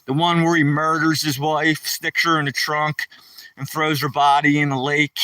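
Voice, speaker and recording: A man's voice: fairly high pitch, little pitch movement, normal speed, bright, forceful tone, dry recording, distant mic, poor audio. A man telling a rambling story to live-stream viewers while walking outdoors in the woods, talking to viewers by name.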